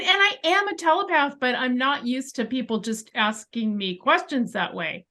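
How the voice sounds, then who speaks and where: This is a woman with a somewhat high voice. She is a guest on an interview show, relating a personal experience from her home bedroom. She lands emphatic asides as she goes and keeps the story animated. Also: normal speed, hardly any pauses. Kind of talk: storytelling in a conversation.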